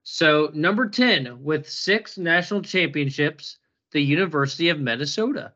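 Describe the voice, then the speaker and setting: A man's voice: a little high, normal speed, pushed and bright, highs cut off. A man hosting a podcast in casual chat, joking and laughing often as he talks. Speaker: podcast host.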